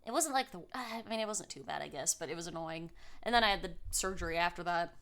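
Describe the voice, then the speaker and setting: Woman streamer, bright and bubbly, giggles a lot, coos at her pets. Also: on the low side, quick pace. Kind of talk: casual live-stream chat.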